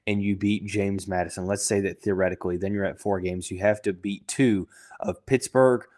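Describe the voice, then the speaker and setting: A man's voice: low-pitched, fairly even intonation, moderate pace, a little mellow. Casual man talking sports, filler-heavy. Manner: thinking aloud with many fillers and restarts. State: has the hiccups. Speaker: podcast host.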